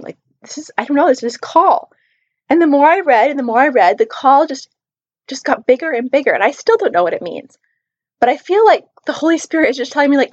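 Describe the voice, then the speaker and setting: A woman's voice: sits high, highs cut off. A woman talking to her viewers in a casual vlog, earnest and emphatic, repeating her points for stress. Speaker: Christian book reviewer. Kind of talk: casual personal vlog talk.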